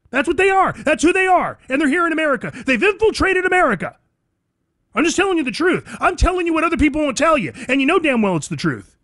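Hosting a call-in radio show, this man addresses listeners directly through a studio mic in an emphatic, combative monologue. The dry recording captures a very high, sing-song voice that is brisk, bright, and forceful.

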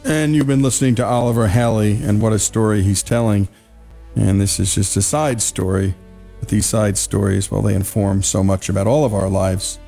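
A man's voice: fairly low pitch, fairly even intonation, normal speed, creaky, dark tone, faint music behind. A man hosting a radio program and earnestly recapping the story. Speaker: radio show host. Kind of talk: radio narration.

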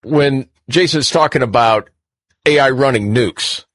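A male host steers a casual talk show and answers with short reactions. His voice is husky, and the recording is dry and close. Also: medium pitch, measured pace, a bit bright, no echo. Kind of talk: casual chat.

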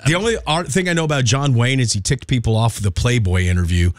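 A man's voice: medium pitch, quick pace, no echo. A man hosting a casual morning radio show, rambling and tripping over his words while making fun of himself, on a studio microphone. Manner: rambling, stumbling, self-mocking.

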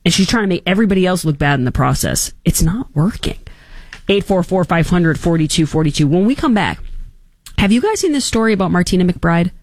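A woman's voice: on the low side, animated, brisk, a little mellow, no room sound. A woman hosting a talk show, giving sarcastic, emphatic political opinions. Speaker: talk radio host.

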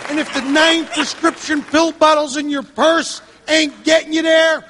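A man's voice: very high voice, flat delivery, a little slow, sharp tone. A man doing a stand-up routine, ranting in an exasperated way in front of a live audience. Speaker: stand-up comedian. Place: comedy venue with live audience. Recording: reverberant club with crowd noise.

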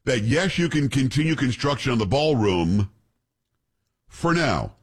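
A middle-aged man hosting a radio talk show, chatting casually and telling stories fast with comic voices. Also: mid-range voice, very animated, background noise.

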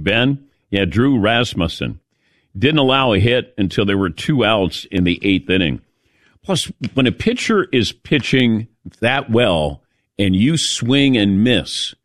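This man, speaking at medium pitch, runs a sports talk radio program, fielding callers and offering opinionated takes in a lively manner. The sound is dry and clean, studio quality.

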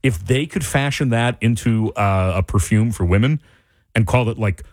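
A man's voice: fairly low pitch, normal speed, no room sound, studio quality. A man co-hosting a radio call-in show, bantering playfully and teasing his co-host and callers.

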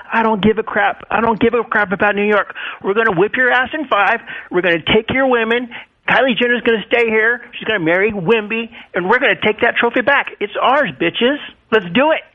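A man's voice: high voice, a little fast. A man calling in to a sports radio show, bitter and trash-talking. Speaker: caller. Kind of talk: call-in rant. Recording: dull phone-line call.

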